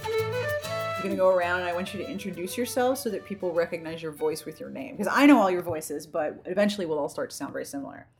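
A woman's voice: on the low side, lively intonation, fast, music in the background. A woman hosting a podcast, interviewing and chatting with enthusiasm. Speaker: podcast host. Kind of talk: casual podcast chat.

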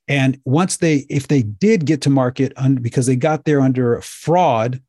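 A man giving an impassioned lecture-style talk to viewers, emphatic and repetitive, his voice getting hoarse. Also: mid-range voice, a little mellow, no echo, clean studio sound. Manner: emphatic, preachy, repeats himself. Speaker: speaker addressing viewers.

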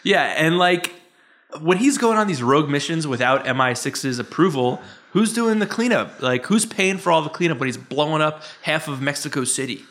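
A man's voice: on the high side, expressive, moderate pace, fairly bright tone. A man co-hosting a comedy podcast, rambling and joking in casual chat. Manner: rambling, joking, laughs often. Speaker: podcast co-host.

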